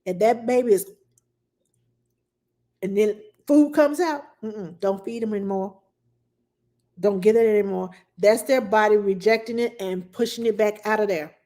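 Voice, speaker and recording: A woman hosting a casual advice talk for parents. Her voice sits at an ordinary middle pitch, and she talks in a loose, chatty way, full of fillers and storytelling asides. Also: normal speed, long pauses, warm tone. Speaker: childcare advice host.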